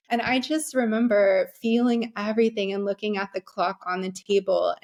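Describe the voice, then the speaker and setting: A young adult woman speaks as a podcast guest, recounting her own experience in an open, candid way. She talks in a middle pitch, often pausing on ums and restarting sentences as she goes. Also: steady tone, a little mellow. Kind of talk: conversational storytelling.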